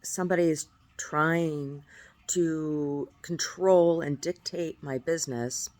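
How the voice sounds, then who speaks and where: A woman's voice: low voice, steady tone, slow pace, darkish tone. A woman talking casually into her video diary at home, rambling and aggrieved, often restarting her phrases. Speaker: video diarist.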